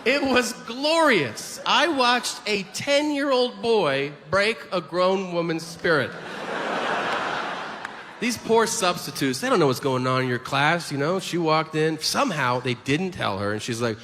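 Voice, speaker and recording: Animated man doing stand-up in a hall. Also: sits high, measured pace. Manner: animated, crude storytelling with acted-out quotes. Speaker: stand-up comedian. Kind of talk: stand-up routine. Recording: reverberant hall with ambient noise.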